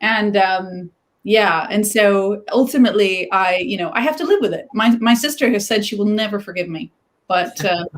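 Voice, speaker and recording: Hesitant woman author, mid-pitched. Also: moderate pace. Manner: hesitant, many fillers and restarts. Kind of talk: casual interview chat.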